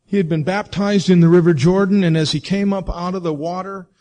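A male preacher delivering a sermon, with expressive, drawn-out emphasis and rhetorical questions. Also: high-pitched.

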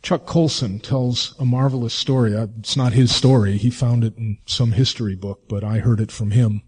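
A male preacher delivering a sermon, with expressive, drawn-out emphasis and rhetorical questions. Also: medium pitch, husky.

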